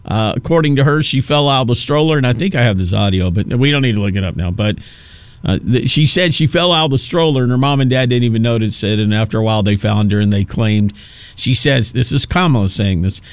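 A man's voice: medium pitch, lively intonation, quick pace, clean tone, no room sound. Brief: male radio talk host, mocking and sarcastic, dry close studio sound. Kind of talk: opinionated talk radio monologue.

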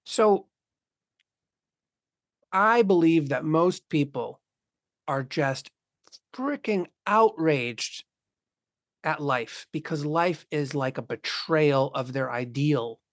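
A blunt, profane speaker riffs philosophically in casual conversation, slipping into imagined voices along the way. The voice sits at a middling pitch. The recording is dry and close, with no room sound. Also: slow pace, long pauses, dry recording.

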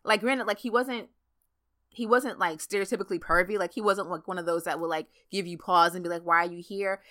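A woman talking in a casual podcast chat, animated and full of fillers. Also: fairly low pitch. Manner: animated, talks fast with frequent fillers.

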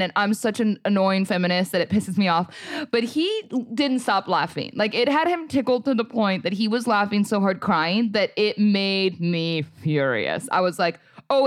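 A young adult woman co-hosting a podcast in casual chat, telling stories with quick self-mocking asides. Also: medium pitch, no room sound, studio quality. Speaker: podcast co-host.

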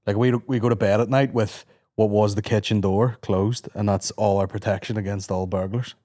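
A man's voice: fairly low pitch, fairly even intonation, moderate pace, dark tone. A man, a podcast guest who tosses in dry, sweary jokes during casual comedy banter. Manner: dry jokey interjections, swears.

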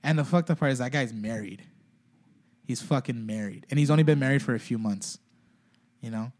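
A man's voice: medium pitch, brisk, a little mellow. A man in casual podcast chat, rambling with lots of filler words and swearing.

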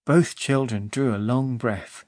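A man narrating a classic story in a steady, even storytelling manner. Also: mid-range voice, measured pace, dry recording, studio quality. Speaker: audiobook narrator. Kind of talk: scripted narration.

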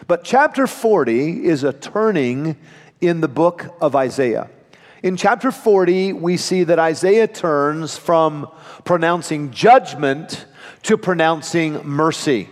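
A man preaching a sermon from scripture as pastor, with an emphatic delivery that slows and stresses key phrases. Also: fairly high pitch, in a large hall.

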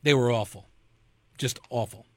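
A man's voice: medium pitch, normal speed, darkish tone, no room sound. A man hosting a talk radio show, rambling loosely and sarcastically with fillers and chuckles. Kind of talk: casual political talk radio with host-read ad.

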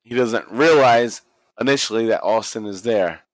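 A man excitedly recapping a wrestling match in casual chat, swearing a lot and acting out the wrestlers' lines. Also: mid-range voice, moderate pace, no room sound. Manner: animated, swears constantly, acts out quotes. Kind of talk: casual profane play-by-play recap.

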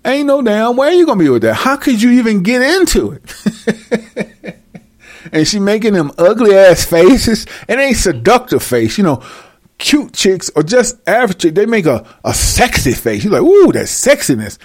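A man delivering a comedic rant, swearing and using slang as he goes, often cracking himself up. His voice sits fairly high for a man and swings up and down a lot, and the recording is dry with little room sound. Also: normal speed, dry recording. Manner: animated, profane, slangy, laughs often. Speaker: commentator.

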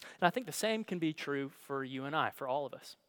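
A male pastor preaching a sermon, telling the story dramatically and swinging between hushed and emphatic delivery. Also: a little high, expressive, brisk, clean tone. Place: church.

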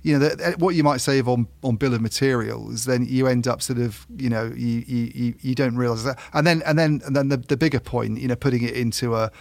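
A man's voice: medium pitch, gravelly, darkish tone, no echo. A man chatting casually as a podcast co-host, often stumbling and repeating words as he explains. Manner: halting, repeats words, restarts. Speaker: podcast co-host, tech journalist. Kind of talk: casual chat.

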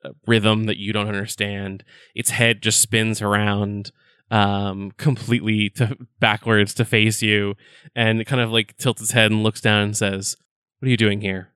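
A man narrating a tabletop game as game master, describing scenes in a halting way with lots of fillers. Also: on the low side, flat delivery, fairly bright tone, smooth, no echo.

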